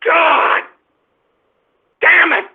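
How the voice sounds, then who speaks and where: A man hosting a radio show, ranting at callers in an exasperated, shouting manner with lots of swearing. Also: extremely high pitch, extremely slow. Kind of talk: ranting call-in radio talk. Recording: lo-fi phone-like audio.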